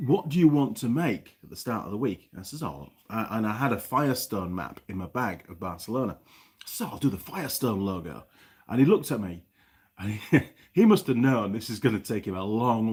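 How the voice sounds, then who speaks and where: A middle-aged man with a New Zealand accent talks through a casual workshop live stream, rambling between viewer comments and bits of mechanical know-how. His voice sits low and has a husky edge. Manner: rambling, chatty, reads viewer comments aloud. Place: home workshop.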